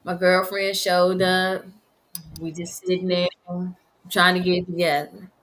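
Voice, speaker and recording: A middle-aged woman, telling the story of losing her son in slow, halting, emotional speech. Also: on the low side, level tone, fairly bright tone. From Virginia. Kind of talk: personal testimony.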